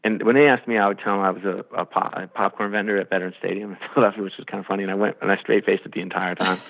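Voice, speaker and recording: A man, a sports executive, telling animated stories in a podcast interview and acting out the quotes. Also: fairly low pitch, racing, creaky. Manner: animated storyteller, acts out quotes. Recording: phone-line quality.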